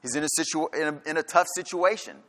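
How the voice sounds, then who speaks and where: Forceful preacher in a reverberant hall. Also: male voice, a little high, quick pace. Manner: preaching with rhetorical questions and emphatic repetition. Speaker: pastor. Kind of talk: sermon. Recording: long reverb of a large hall.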